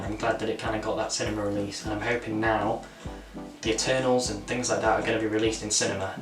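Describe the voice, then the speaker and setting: A man hosting a casual movie review, talking enthusiastically and rambling with many fillers. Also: mid-range voice. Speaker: channel host reviewing a film. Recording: echoey room, distant mic, music. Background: music.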